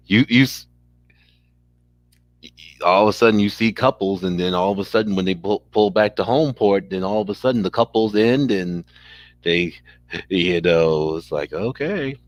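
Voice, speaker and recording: A man's voice: low voice, no room sound. A man in casual chat who stammers through restarts while telling a short story. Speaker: navy veteran.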